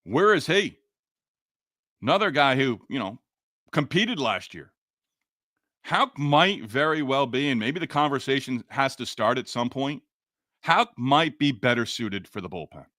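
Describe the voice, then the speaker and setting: Frustrated sports podcast host, dry close mic. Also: male voice, mid-range voice, expressive, unhurried, pauses often, pushed and bright, no echo. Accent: Boston. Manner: frustrated, sarcastic, rambling with restarts. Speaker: podcast host reading listener comments. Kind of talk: casual sports podcast talk.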